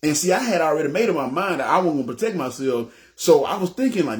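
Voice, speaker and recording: A man's voice: on the high side, quick pace, few pauses. A man with a Southern US accent telling his personal testimony, acting out the dialogue and often checking in with his listeners. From Memphis, US South. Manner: animated, acts out dialogue, keeps saying "you know what I'm saying". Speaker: ministry leader giving testimony.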